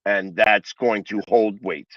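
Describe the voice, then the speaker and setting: A man's voice: on the low side, fairly even intonation, slow pace, no room sound, muffled recording. A man with a Philadelphia accent hosting a casual sports talk show, rambling with many restarts and fillers.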